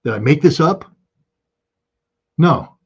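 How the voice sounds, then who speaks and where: A man's voice: a little high, lively intonation, takes it slowly, gravelly, slightly rough, lo-fi sound. A man in his sixties, a guest on a talk show, speaking urgently and emphatically, hammering his points and repeating key phrases over a video call. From United States. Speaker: guest commentator. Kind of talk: impassioned political talk.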